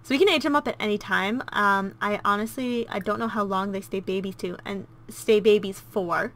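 A woman's voice: medium pitch, normal speed, fairly bright tone. A woman hosting a let's play, chatting casually and gushing as she comments on her gameplay. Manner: gushing and cooing, easily delighted.

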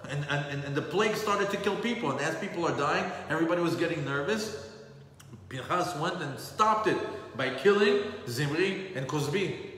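A man's voice: fairly high pitch, sharp tone. A man giving a storytelling Torah lesson, repeating phrases for emphasis and dropping in Hebrew terms. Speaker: Torah class teacher. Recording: echoey hall with faint background noise.

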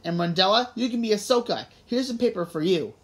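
A woman's voice: medium pitch, animated, fairly quick, natural voice. A woman voicing an earnest, odd schoolboy who speaks solemnly, in an audiobook reading.

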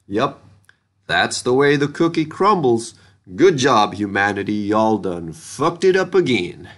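A man's voice: medium pitch, big pitch swings, a little slow, a bit bright. A man voicing a weary, resigned Mars colonist in a folksy Southern drawl, sardonic in tone.

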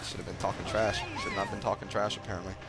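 A young man hosting his gaming video, giving profane, excitable commentary with sudden yelps while he plays. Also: lowish voice, rapid-fire. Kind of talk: profane live gameplay commentary. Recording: game music behind voice.

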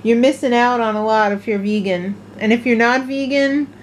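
Woman, vlogger, casual chat, animated storytelling, slightly high pitch, light background hiss. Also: moderate pace. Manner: chatty, animated storytelling with laughs.

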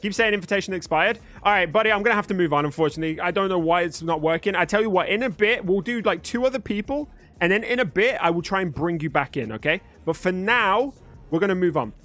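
Reading the chat on his live stream, this young man from Birmingham, England, thanks and chats with his viewers in a mostly neutral British accent. He talks fast in a high-pitched, fairly bright voice with lively intonation.

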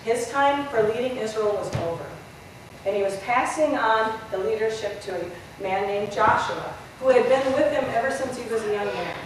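A woman's voice: a little high, normal speed, a little hiss or hum. Woman pastor preaching in echoey church. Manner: storytelling, animated retelling with rhetorical questions. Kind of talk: sermon. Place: large church sanctuary. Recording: roomy echo, voice from far off.

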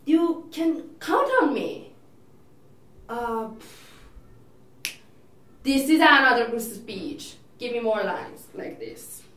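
Actress as a fretful, self-absorbed divorced sister; fairly high voice, faint room noise, distant mic. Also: female voice, animated, takes it slowly, long pauses, fairly bright tone, reverberant. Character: chatty divorced older sister, neurotic and doting. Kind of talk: audition monologue.

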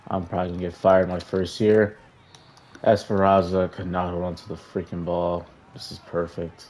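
A man's voice: low-pitched, normal speed, slight background noise. Frustrated young man narrating his game. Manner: frustrated, talks to players on screen, flat sighs between outbursts. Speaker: gaming YouTuber. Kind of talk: casual gameplay commentary.

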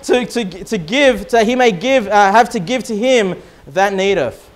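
A man with an Australian accent preaching a sermon in church, reading scripture slowly and loudly, then explaining it with emphatic rises. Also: high-pitched, expressive. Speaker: pastor.

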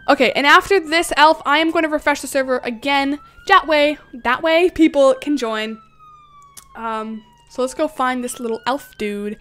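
A woman's voice: sits high, a bit bright. A young woman streaming a game live, chatting casually in a giggly, bubbly way and answering her chat. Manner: usually talks fast. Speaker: game livestreamer. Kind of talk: casual livestream chat while gaming.

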